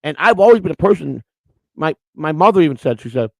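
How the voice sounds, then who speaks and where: A man's voice: fairly high pitch, big pitch swings, quick pace, gravelly, dry recording, poor audio. A man hosting a live-stream morning show, rambling in unscripted chat, blunt and crude, restarting his words again and again.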